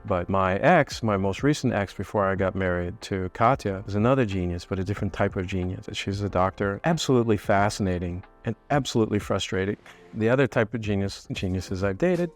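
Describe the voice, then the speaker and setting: Middle-aged male storyteller, deep voice, candid and self-mocking, casual confessional vlog. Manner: reflective, candid, self-deprecating with mild swearing. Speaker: artist telling personal stories.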